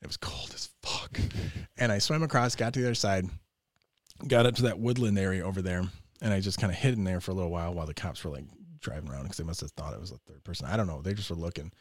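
A man's voice: deep voice, rapid-fire, dry recording, clean studio sound. A man guesting on a podcast, telling wild stories with lots of swearing and laughter, acting out the lines of the people in them. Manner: profane, laughs often, acts out quotes. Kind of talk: animated storytelling.

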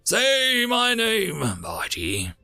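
A man's voice: on the high side, sing-song, measured pace, vocal fry, a bit bright, soft background music, pitched above the performer's own voice, heavily acted. A man voicing a vengeful male cyborg soldier who snarls his lines in a cold, menacing way. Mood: snarling.

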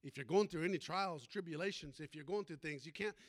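A male pastor with a fairly high voice and fairly quick delivery preaches a sermon built around a story. He calls out to the congregation for amens in a call-and-response style.

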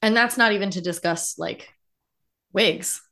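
A woman's voice: medium pitch, unhurried, sharp tone. A woman co-hosting a podcast, musing reflectively in casual conversation. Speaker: podcast co-host. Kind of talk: casual chat about a book.

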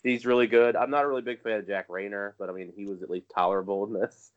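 Low-voiced man, dull lo-fi mic. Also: fairly even intonation, fast talker. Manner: rambling, self-correcting. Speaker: podcast host. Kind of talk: casual chat. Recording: dull lo-fi sound.

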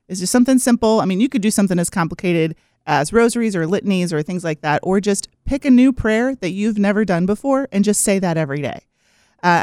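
A man's voice: high-pitched, darkish tone, no room sound, studio quality. A man guest on a Catholic talk show, laying out practical points in casual chat. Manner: practical, listing points, laughing easily.

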